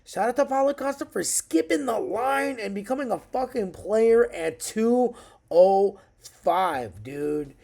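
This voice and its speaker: Man, thirties, excitable, swears constantly, slangy fight recap, mellow dark voice. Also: high-pitched, takes it slowly. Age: 30s. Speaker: MMA fight recap vlogger. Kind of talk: casual fight recap monologue.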